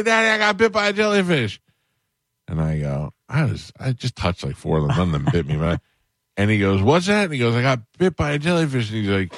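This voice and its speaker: A man hosting a talk radio show, telling a funny story and mimicking loud people in a raised voice. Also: dry recording. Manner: animated, acts out other people's shouting in a higher voice.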